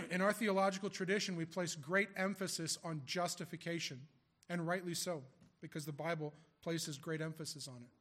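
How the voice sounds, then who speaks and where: A male pastor delivering a sermon in a fairly high voice. He talks conversationally, reading scripture and then putting rhetorical questions to his listeners. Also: steady tone, moderate pace, bright, forceful tone.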